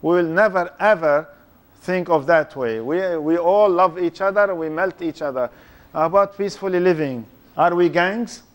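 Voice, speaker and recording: Older guy w a foreign accent giving a religious talk, kinda high voice, keeps asking the crowd stuff, huh?. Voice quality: speaks English with a foreign accent. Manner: quizzes the audience, tags points with "huh?". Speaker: Islamic lecturer. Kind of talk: interactive religious lecture to a youth audience.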